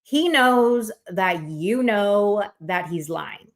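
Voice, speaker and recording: A woman talks loosely on a livestream call, piling up fillers and laughing between thoughts. Her voice sits at an everyday middle pitch. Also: lively intonation, drawn-out words. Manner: rambling with many fillers and laughs. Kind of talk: casual livestream chat.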